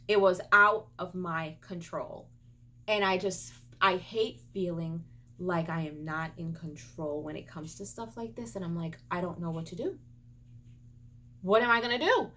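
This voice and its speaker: A woman vlogger telling a personal story in an emotional, animated way, stumbling over her words and turning into an indignant scolding rant. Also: on the low side, unhurried, a little hiss or hum. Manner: emotional, animated retelling with repeated stumbles and restarts. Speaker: beauty and gaming vlogger.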